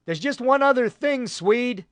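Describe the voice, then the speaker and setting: A man's voice: very high-pitched, expressive, measured pace, smooth, no echo, pitched above the performer's own voice. A man voicing a Marine captain who gives firm orders to a wounded soldier. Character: Marine captain, steady commanding officer.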